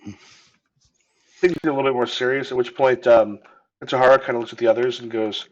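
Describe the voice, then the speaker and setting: A man's voice: mid-range voice, steady tone, normal speed, pauses often. A man running a tabletop game as game master, narrating with lots of fillers and hesitations. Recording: dull lo-fi audio.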